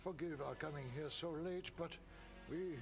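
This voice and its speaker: An actor playing a courteous, earnest Bavarian villager in a video game, speaking. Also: male voice, a little high, moderate pace, music in the background, lightly acted. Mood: earnest, formal. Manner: formal, earnest.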